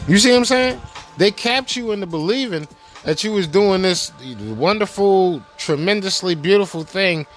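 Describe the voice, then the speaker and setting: Man, podcast host, casual rant, profane, street slang, rhetorical questions, higher-pitched voice, faint background music. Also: normal speed, fairly bright tone.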